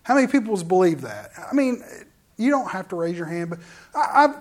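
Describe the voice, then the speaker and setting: A man preaching with real animation. He swings between loud emphatic stretches and soft, almost whispered passages, stumbling and repeating words as he goes. His delivery is informal and storytelling. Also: high voice, big pitch swings, a little fast. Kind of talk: sermon with personal stories.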